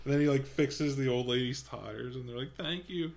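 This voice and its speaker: Brief: male podcast co-host, loose rambling recap, mid-pitched voice. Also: steady tone, fairly quick, vocal fry, darkish tone. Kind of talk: casual movie chat.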